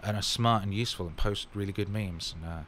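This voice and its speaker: A man's voice: fairly low pitch, quick pace, fairly bright tone, a little hiss or hum. A man casually answering fan questions in his vlog, rambling and upbeat with plenty of fillers.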